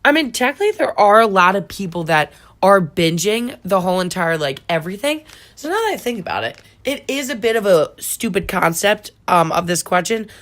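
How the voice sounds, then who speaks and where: A woman's voice: mid-range voice, sing-song, a little fast, a bit bright. A young woman co-hosting in casual chat, rambling and laughing often.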